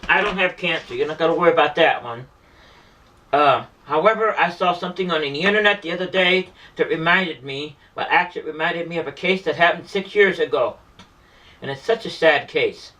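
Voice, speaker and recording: A man's voice: fairly high pitch, brisk, sharp tone. A man telling an emotional personal story in an earnest, repetitive way, often stumbling and restarting his sentences. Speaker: street performer and vlogger. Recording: voice distant from the mic.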